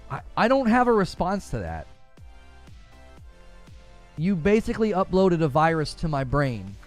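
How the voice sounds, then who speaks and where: A man hosts a live gaming show from his home and talks straight to his viewers. His voice sits a bit high and jumps around a lot as he rambles. He often sounds incredulous, and soft music plays faintly underneath. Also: very animated, unhurried. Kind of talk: live-stream chat answering viewers.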